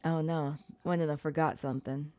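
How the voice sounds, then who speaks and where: A woman's voice: sits low, steady tone, fairly quick, mellow. A young adult woman streamer chatting casually and swearing while playing and narrating a game. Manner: chatty, swearing, laughing at her own struggles. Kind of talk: casual gameplay commentary. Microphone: streaming mic.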